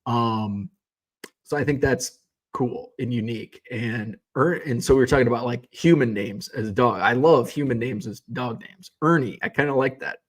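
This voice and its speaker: A man in his thirties with an everyday mid-pitched voice talks loosely to his livestream audience, full of ums and restarts. He sounds a little tired and drifts from thought to thought. His delivery is casual and unscripted. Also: normal speed. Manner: relaxed, rambling, many fillers and restarts. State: yawning, tired. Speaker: card-collecting livestream host. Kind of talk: casual chat reading viewer comments.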